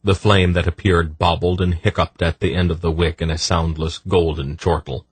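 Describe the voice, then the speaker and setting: Deep, husky male audiobook narrator. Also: little pitch movement, normal speed. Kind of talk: scripted fantasy narration.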